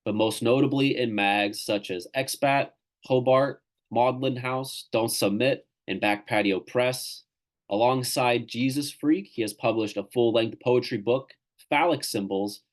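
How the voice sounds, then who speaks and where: A man from Tennessee, casually hosting a literary reading on a video call, rambling and enthusiastic. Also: mid-range voice. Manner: loose, rambling and enthusiastic, with crude jokes. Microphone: video call microphone.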